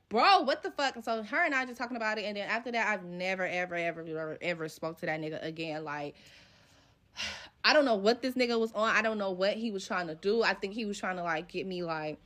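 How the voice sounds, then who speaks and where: In a mid-range, fairly bright voice, a young woman relates an episode from her life with casual profanity and slang. As she retells each scene, she performs the dialogue herself.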